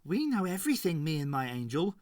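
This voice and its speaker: Man doing a taunting teenage boy, high-pitched, wheezing laugh, audiobook voice. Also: sing-song, a little fast, no room sound, studio quality. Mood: gloating. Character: bored cruel teenage boy in armour, mocking.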